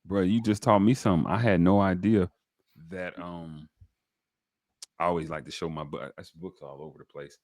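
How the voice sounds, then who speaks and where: Man, podcast host, very deep voice, dry close sound, animated. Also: moderate pace, no room sound. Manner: animated, preacher-like, addresses viewers directly. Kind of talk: enthusiastic interview talk.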